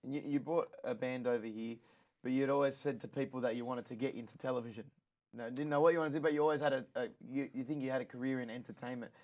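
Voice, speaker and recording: A man's voice: medium pitch, fairly even intonation, fast, darkish tone. A man hosting a casual interview, asking long, chatty questions. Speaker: host.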